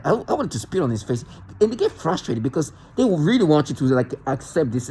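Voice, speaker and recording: A man speaking to the camera in an agitated monologue, halting and repeating words as he restarts sentences. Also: a little high, big pitch swings, a little mellow, slight background noise, rough recording. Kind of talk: self-recorded monologue rant.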